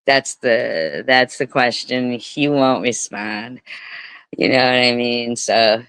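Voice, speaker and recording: A woman's voice: extremely low pitch, slow pace, fairly bright tone, clean tone, no room sound. A woman streamer giving rambling live commentary, swearing and repeating words for emphasis.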